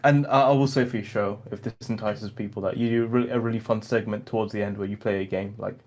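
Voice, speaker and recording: A man's voice: lowish voice, fairly even intonation, quick pace, a little mellow. Easygoing man laughing along on a podcast. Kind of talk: casual chat.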